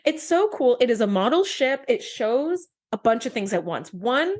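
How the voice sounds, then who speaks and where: A woman co-host chatting away in a casual podcast conversation. Her voice sits a little high, and she gushes with enthusiasm. She fills her sentences with "like.". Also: very animated, normal speed, a little mellow. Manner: gushing, enthusiastic, full of "like". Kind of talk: casual chat.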